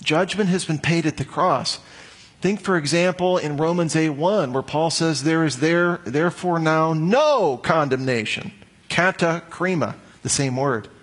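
Man, pastor, sermon, husky, fairly high voice, lively delivery. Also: measured pace. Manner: animated expository preaching, acts out quoted voices.

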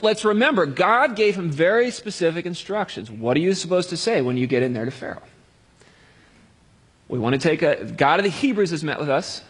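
A man's voice: a little high, a bit bright, husky, big-room sound. A man preaching a sermon in a conversational way, with jokey everyday analogies.

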